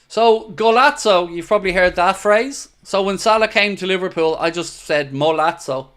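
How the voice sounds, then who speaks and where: A man hosting a live football watchalong, excitable and blunt, swearing freely as he talks. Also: sits high, moderate pace, smooth. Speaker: host of a fan watchalong.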